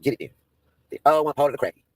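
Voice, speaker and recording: Fast, husky-voiced man ranting on a livestream. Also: fairly high pitch, lively intonation, no room sound. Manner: profane, confrontational, restarts and repeats himself. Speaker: livestream host. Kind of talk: heated livestream rant.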